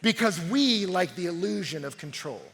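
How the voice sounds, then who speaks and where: A man preaching a sermon to a large crowd, swinging from hushed, slow lines to shouting. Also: sits high, lively intonation, vocal fry, slight background noise. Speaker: pastor. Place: large arena. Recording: live arena with long reverb.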